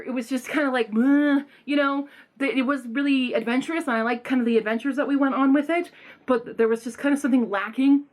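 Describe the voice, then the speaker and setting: A young woman with a fairly high voice gives quick, rambling book reviews in a casual vlog, gushing excitedly and breaking into loud outbursts.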